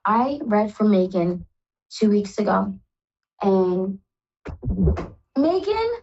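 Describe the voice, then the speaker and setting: A woman's voice: medium pitch, sing-song, slow, a little mellow, dull audio. A woman hosting a live call-in psychic reading show, effusive and tearful, calling callers "love".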